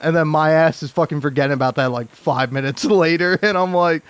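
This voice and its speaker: A man's voice: a little high, fast talker, smooth, no echo. A man giving casual, rambling commentary over gameplay, stumbling over his words, swearing freely and laughing often. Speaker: gaming video creator.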